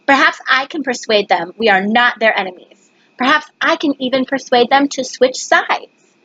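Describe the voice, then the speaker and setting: A woman's voice: sits high, expressive, normal speed, pushed and bright, no echo, highs cut off, exaggerated voice. A woman voicing a big-hearted immigrant baker who bellows proud declarations, read from a storybook.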